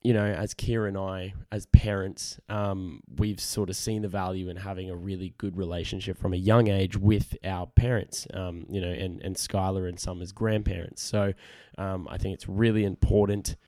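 Husky-voiced man, earnest podcast host. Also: sits low, level tone, normal speed, dark tone, dry recording, clean studio sound. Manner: earnest, rambling, repeats words. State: husky voice from a cold. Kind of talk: casual solo podcast monologue. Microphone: studio podcast microphone.

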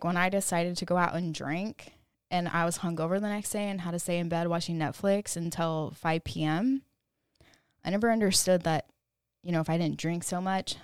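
A woman's voice: on the low side, a little mellow, clean tone, no room sound, studio quality. A woman in her thirties hosting a solo podcast, talking in a rambling, candid way, full of "like" and "you know", and swearing freely at times. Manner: swears freely when quoting her younger self. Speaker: podcast host. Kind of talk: casual solo podcast monologue.

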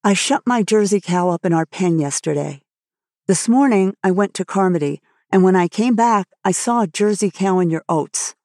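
A woman's voice: mid-range voice, animated, normal speed, mellow, no echo, clean studio sound, lightly acted. Woman reading as an earnest, impulsive teenage girl. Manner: earnest, breathless confession.

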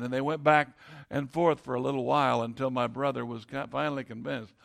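A man's voice: medium pitch, level tone, brisk, gravelly. A middle-aged man preaching a sermon, reading scripture and telling stories in a conversational way with frequent restarts. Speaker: pastor.

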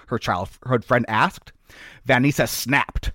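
Lively man telling mock lore. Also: medium pitch, normal speed, dry recording, studio quality. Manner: mock-dramatic, laughing at own jokes. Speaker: podcast co-host. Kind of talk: comedic lore storytelling.

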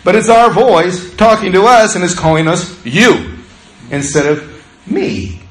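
Conversational pastor with a slightly high voice. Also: male voice, unhurried, roomy sound, rough recording. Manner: conversational, animated storytelling with laughs. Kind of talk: sermon.

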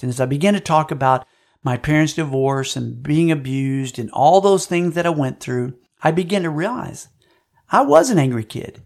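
A man's voice: fairly high pitch, expressive, moderate pace, vocal fry. A man preaching a sermon in an earnest, personal testimony style, repeating words when he presses a point. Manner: earnest, personal testimony with frequent swings in loudness. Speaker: pastor.

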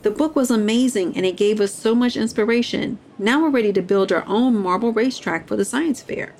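A woman voicing an excited young schoolboy who leads his friends in a children's story. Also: on the high side, brisk, a little hiss or hum, natural voice. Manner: excited, takes charge.

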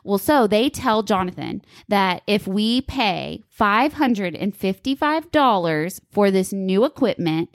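A woman co-host spins a frustrating story in casual podcast chat, voicing each person she quotes. Her middle-pitched voice climbs sharply when she gets worked up. The sound is close and dry. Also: slow, hardly any pauses, no room sound. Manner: animated storyteller, acts out quoted calls, pitch jumps when upset.

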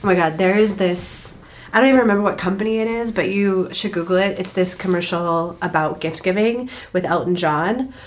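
Expressive woman in casual chat. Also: on the low side, fairly quick. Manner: animated, expressive storytelling with laughs.

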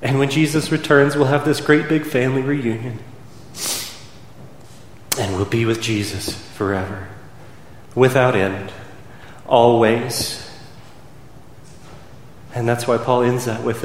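A man preaching a sermon as pastor, rising to impassioned peaks and dropping to soft, quiet stretches. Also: medium pitch, steady tone, slow pace, pauses often, reverberant, long reverb tail, a little hiss or hum. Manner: builds to impassioned, soaring climaxes then drops soft.

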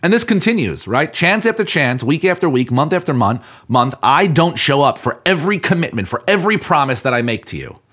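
A man's voice: on the high side, sing-song, brisk, hardly any pauses, fairly bright tone, breathy edge. A man hosting a podcast, talking earnestly to the listener in a coaching manner about keeping commitments. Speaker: podcast host. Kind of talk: motivational podcast talk.

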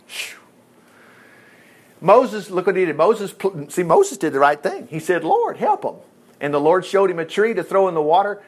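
Folksy pastor with a high voice. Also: male voice, moderate pace, breathy edge. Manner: folksy, animated, chuckling asides. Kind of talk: sermon.

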